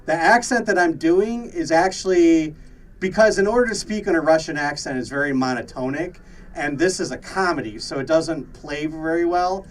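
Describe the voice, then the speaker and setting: A man's voice: fairly high pitch, normal speed, far from the mic, poor audio. A man co-hosting a podcast in casual chat, with lots of fillers and laughter. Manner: laughs often, many fillers and restarts. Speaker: podcast co-host.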